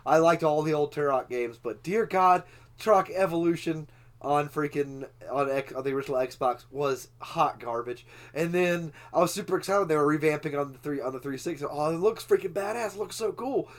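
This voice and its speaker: A man's voice: on the high side, normal speed. A man co-hosting a casual gaming podcast, rambling with lots of restarts. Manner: rambling with restarts and fillers, animated. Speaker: podcast co-host.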